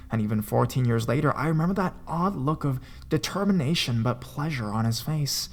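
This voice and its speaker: Reading evenly and steadily, a man narrates a horror tale told in the first person, his voice mid-pitched for a male. The delivery remains plain throughout, with a little hiss or hum in the background.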